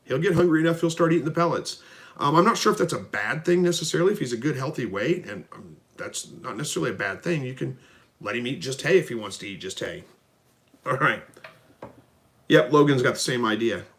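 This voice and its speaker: Relaxed man answering viewer questions. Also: medium pitch, brisk. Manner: relaxed, folksy, reads comments aloud then answers. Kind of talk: casual live Q&A about raising rabbits and quail.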